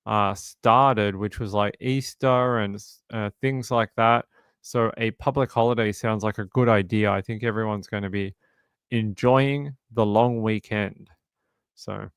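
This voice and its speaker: A man's voice: mid-range voice, fairly bright tone, clear, resonant tone, dry recording. A man in his forties with an Australian accent, chatting casually with viewers on a livestream, joking and repeating himself. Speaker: livestream host. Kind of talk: casual live-stream chat answering viewers.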